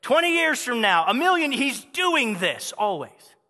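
A man's voice: very high-pitched, big pitch swings, measured pace, bright, forceful tone, long reverb tail. A man preaching a sermon with fervent, repetitive emphasis. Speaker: pastor.

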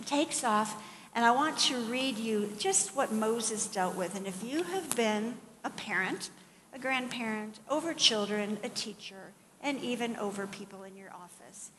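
Woman pastor, middle-aged, fairly high voice, chatty animated sermon delivery, echoing hall, faint hiss behind. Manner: conversational, animated, with asides and acted-out quotes. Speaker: preacher. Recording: long hall reverb, faint background noise.

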